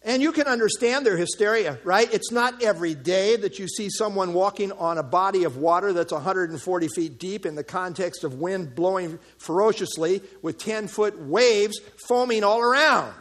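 A man's voice: high-pitched, normal speed, few pauses. A man preaching an expository sermon, explaining verse by verse and joking with his listeners. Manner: animated, jokes with the listeners. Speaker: pastor.

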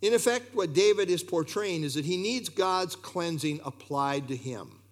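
Animated male preacher, high lively voice. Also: moderate pace. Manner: expressive, rhetorical questions, occasional fillers. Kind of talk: sermon.

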